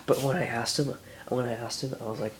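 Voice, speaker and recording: Stuffy-nosed young man rambling, flat voice. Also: mid-range voice, brisk, background noise. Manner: rambling, full of "dude" and "like", many restarts. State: sick with a stuffy nose. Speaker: vlogger. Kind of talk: casual chat.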